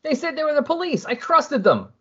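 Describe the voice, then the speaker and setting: A man's voice: very high voice, very animated, brisk, fairly bright tone, dull audio, pitched above the performer's own voice, heavily acted. A man voicing an earnest young male superhero who speaks emphatically. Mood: indignant. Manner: emphatic and indignant.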